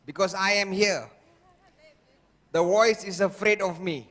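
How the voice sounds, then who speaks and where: A man speaks slowly and deliberately at a motivational seminar and keeps turning questions on the audience. His voice sits high. A long hall reverb rings behind him. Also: a bit bright. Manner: fires rhetorical questions at the audience.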